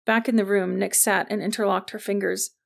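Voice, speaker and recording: A woman reads an audiobook in an even, clear storytelling manner. Her voice has a noticeable gravelly fry, and her pitch sits in an ordinary middle range. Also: a little fast. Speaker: narrator. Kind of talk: audiobook narration.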